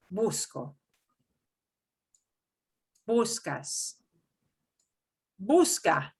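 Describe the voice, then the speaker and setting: A middle-aged woman leads an online beginners' language lesson, walking through the rules one step at a time. Her voice is bright and forceful, and her pace stays slow and deliberate. She keeps things lively with playful asides as she explains. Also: mid-range voice. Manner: animated, playful exclamations while explaining. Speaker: Spanish teacher.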